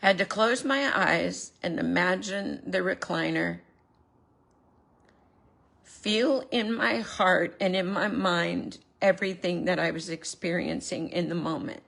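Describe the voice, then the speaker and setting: A woman's voice: fairly low pitch, measured pace, creaky, a bit bright. A woman speaking earnestly and openly emotional in a personal confessional vlog, recorded at home in her living room. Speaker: vlogger.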